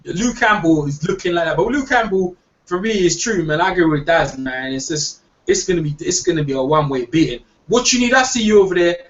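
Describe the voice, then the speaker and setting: A man with a high voice hosts a casual online hangout in loose slang, repeating himself as he goes. He sits back from a dull, lo-fi mic. A faint hiss runs under his talk. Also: lively intonation, fairly quick, recorded from a distance. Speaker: host.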